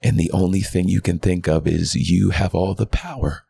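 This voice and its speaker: A guest pastor in his thirties gives a candid personal testimony on a podcast mic, speaking earnestly and from the heart. His exceptionally deep voice carries heavy fry and a husky, rough-edged yet warm tone, at a normal speed.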